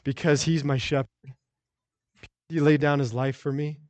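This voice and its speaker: A man's voice: on the high side, fairly even intonation, unhurried, darkish tone. A man preaching a sermon as pastor, earnest and repetitive, often restarting his phrases.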